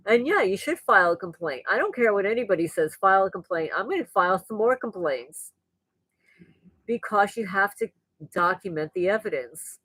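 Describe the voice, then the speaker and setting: A woman hosts her own channel, speaking directly to viewers in a casual, frank, rambling monologue that sounds angry and blunt. Her mid-range voice is animated, fairly bright, and moderately paced, now rougher and no longer sweet; the recording is rough but has no echo.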